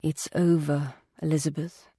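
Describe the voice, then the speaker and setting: A woman voicing a calm, loyal male confidant who speaks in a soft, measured, reassuring way in an audiobook. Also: mid-range voice, dry recording, clean studio sound.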